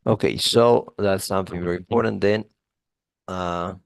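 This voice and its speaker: A man's voice: low-pitched, steady tone, normal speed, vocal fry, dry recording. A man teaching English one to one, explaining grammar casually with many fillers and spoken examples.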